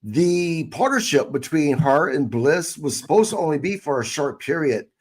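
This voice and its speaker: A podcast host runs a casual wrestling show, questioning his co-hosts and reading out listener questions. His voice is a little high and expressive, with a darkish tone and a moderate pace.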